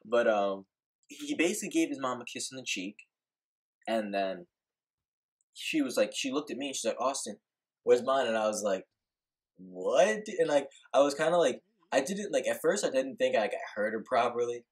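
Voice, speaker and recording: A man's voice: mid-range voice, animated, brisk, breathy edge. A young man telling a rambling, laid-back story in a casual vlog, full of filler words and swearing. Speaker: vlogger.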